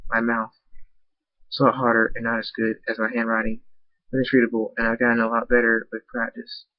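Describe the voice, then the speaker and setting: A man reading a story aloud in a plain, flat way. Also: mid-range voice, fairly quick, no echo. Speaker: fan fiction reader. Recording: dull lo-fi dry recording.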